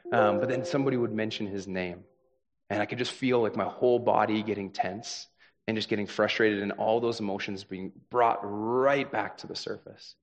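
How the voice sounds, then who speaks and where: A man's voice: lowish voice, steady tone, moderate pace. A young adult man preaching a sermon as a pastor, talking in a conversational, earnest way with frequent "right?" asides.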